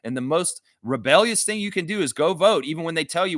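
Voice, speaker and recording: A man's voice: on the high side, expressive, a little fast, hardly any pauses, fairly bright tone, no room sound, clean studio sound. A man hosting a live stream, reading chat comments and ranting bluntly with frequent swearing. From Canada.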